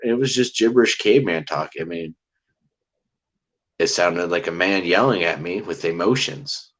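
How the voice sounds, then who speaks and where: A man telling a cryptid encounter story in casual, rambling chat, getting excited and restarting his sentences. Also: low voice, normal speed. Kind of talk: casual storytelling on a live call-in show.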